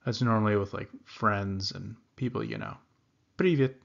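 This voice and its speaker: A man teaching a beginner language lesson, saying each phrase slowly and repeating it for learners. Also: on the low side, fairly even intonation, vocal fry, a bit bright, highs cut off. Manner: slow, repeats words carefully for learners.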